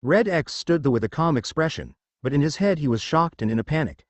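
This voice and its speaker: A man narrating a fan fiction story aloud in a plain, even storytelling manner. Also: fairly high pitch, fairly quick, no room sound.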